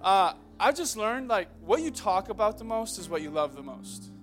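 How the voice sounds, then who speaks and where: A man in his twenties preaching a sermon in a church, loud and joking, calling out to the crowd. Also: sits high, very animated, normal speed, faint music behind. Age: 20s. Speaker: pastor. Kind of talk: energetic sermon. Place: church hall.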